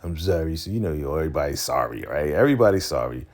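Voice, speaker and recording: This TV recap host is a man with a sing-song bass voice who goes over an episode in a casual, slangy, chatty style. He frequently acts out the characters' lines in quick quoted voices.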